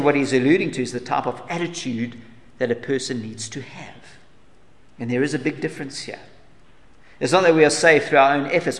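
Earnest male preacher in a reverberant hall. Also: medium pitch. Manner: earnest preaching, rhetorical questions, swelling and dropping to soft asides. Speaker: pastor. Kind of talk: sermon.

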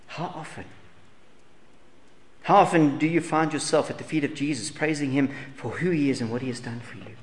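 In his sermon, an earnest male preacher with a middle-pitched voice keeps pressing rhetorical questions on his listeners. He swings between loud emphasis and hushed lines, with a long hall reverb and a faint hiss.

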